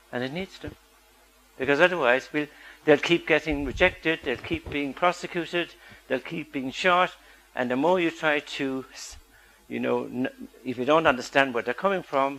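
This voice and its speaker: A man's voice: on the high side, pushed and bright, low-quality recording. A man giving a public talk as a psychologist, earnest and asking the audience rhetorical questions.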